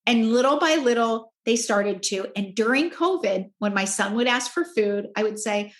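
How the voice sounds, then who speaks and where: A woman guest telling a personal story in conversation, animated and jumping up in pitch when quoting others. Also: normal speed, few pauses, echoey room. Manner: animated, jumps up in pitch to act out quoted speech. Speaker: podcast guest.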